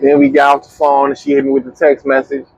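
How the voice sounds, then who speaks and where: A young man, chatting casually as a podcast co-host and telling a story with lively, slangy quoting. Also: mid-range voice, quick pace, a little hiss or hum, low-quality recording. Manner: animated, slangy storyteller who acts out quotes.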